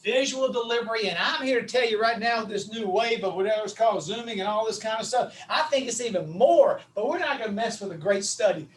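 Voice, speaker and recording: A man's voice: high-pitched, fairly quick, hardly any pauses, recorded from a distance. A middle-aged man, coaching on public speaking in an emphatic, repetitive, punchy style over a video call. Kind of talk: animated coaching talk.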